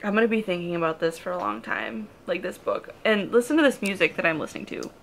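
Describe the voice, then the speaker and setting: A woman's voice: lowish voice, fast, fairly bright tone, soft background music. A young woman talking casually in a reading vlog, emotional and rambling, full of "like" and nervous laughs. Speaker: book vlogger.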